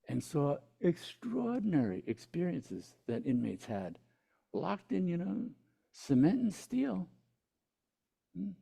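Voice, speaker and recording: A man's voice: a little high, gravelly, dark tone, husky. A man giving a spiritual teaching talk, telling a story and checking in with his listeners by asking "hmm?".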